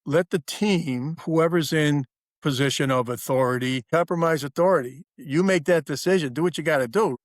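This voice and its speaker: A man in his sixties hosts a podcast and speaks in a firm, emphatic way. His voice is a bit higher than most men's. The recording sounds dry, with no room echo. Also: normal speed. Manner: firm, emphatic, brief agreeing replies. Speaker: podcast host, retired police captain. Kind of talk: conversational podcast interview.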